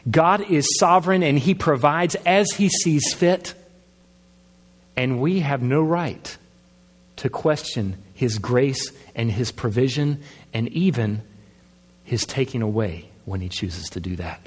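A man's voice: mid-range voice, expressive, slow, breathy edge. A man pastor preaching a sermon in a conversational way, asking his listeners questions. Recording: long hall reverb.

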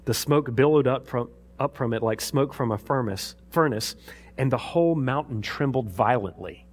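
A man's voice: medium pitch, normal speed. A man preaching a sermon in a conversational way, reading scripture aloud and explaining it. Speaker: pastor.

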